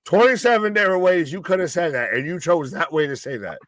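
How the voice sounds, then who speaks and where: A man with a slightly high voice riffs and teases his co-hosts during a casual live watch-along. He jokes and swears freely, and his mic sounds dry and close. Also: lively intonation, fast talker, fairly bright tone, no echo. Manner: joking, laughs often, swears. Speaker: co-host.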